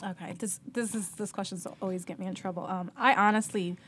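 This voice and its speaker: A woman's voice: medium pitch, steady tone, brisk, a bit bright, slight background noise. A woman actress guesting on a podcast, chatty and self-deprecating, laughing easily. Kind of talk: casual podcast chat.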